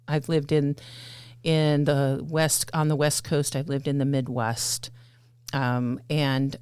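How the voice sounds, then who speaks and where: A woman's voice: sits low, level tone, slow, darkish tone, clean tone, no echo. An American woman hosting a casual podcast, talking in a chatty, rambling way with many fillers. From United States. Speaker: podcast host.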